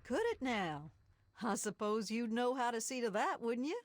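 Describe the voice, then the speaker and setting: A woman's voice: fairly high pitch, expressive, normal speed. An actress voicing a sly, folksy backwoods moonshiner woman with a Southern drawl in a game. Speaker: game character.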